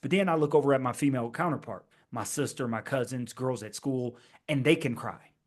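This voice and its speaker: A man hosting his own podcast, talking alone in a rhetorical style with slow, emphatic repeated phrases. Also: mid-range voice. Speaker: podcast host. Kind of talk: scripted-sounding solo podcast monologue.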